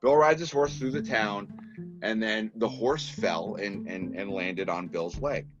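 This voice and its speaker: A man's voice: fairly low pitch, a little slow. Storytelling man on a muffled podcast. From Massachusetts. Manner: animated storyteller, lots of restarts and laughs. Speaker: podcast guest, filmmaker. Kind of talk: casual interview chat. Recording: dull lo-fi podcast audio with faint music.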